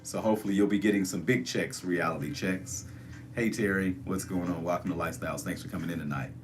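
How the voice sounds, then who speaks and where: Livestream host, man, very low voice, chatty and pleading, soft music under. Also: fast talker. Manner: coaxing, repetitive, urging viewers to join chat. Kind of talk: casual livestream chat.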